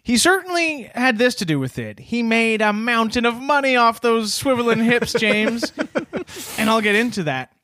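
A man's voice: very high voice, animated, normal speed, sharp tone, dry recording, clean studio sound. A man co-hosting a podcast, telling a story from his notes in a chatty, laughing way. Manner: chatty, laughs between points, loose with fillers. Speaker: podcast co-host presenting research. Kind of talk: casual storytelling podcast chat.

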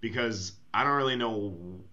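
A man's voice: fairly low pitch, normal speed, bright, forceful tone, dull audio. A man co-hosting a casual comedy podcast, who breaks into mock-outraged, swearing rants. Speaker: podcast co-host.

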